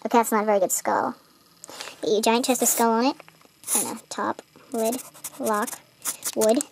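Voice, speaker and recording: A teenage girl with a fairly high voice tells a game story while she draws. She rambles, restarts and fills gaps with ums. A faint hiss sits under the recording. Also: steady tone, moderate pace, gravelly. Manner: rambling, lots of fillers and restarts. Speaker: video maker retelling a game. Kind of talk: casual storytelling while drawing.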